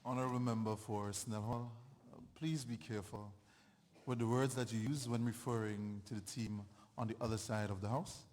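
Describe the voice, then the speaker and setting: A man chairing a parliamentary debate as speaker of the house, measured and formal. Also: lowish voice, fairly even intonation, darkish tone. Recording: long hall reverb.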